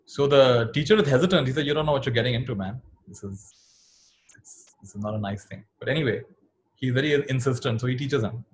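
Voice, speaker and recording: A man giving a dharma talk to a youth group, telling teaching stories and acting out the characters' lines with soft laughs. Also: mid-range voice, a little hiss or hum. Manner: animated storyteller, acts out quotes, laughs softly.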